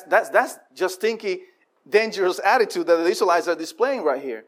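A man preaching a sermon, animated and repeating himself as he acts out voices of the people. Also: high-pitched. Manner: frequent repetitions and restarts.

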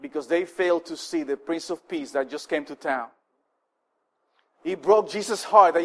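A male pastor with a high voice preaches a sermon in a loose, conversational way, with lots of fillers and restarts. He is animated and acts out the people he quotes. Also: normal speed.

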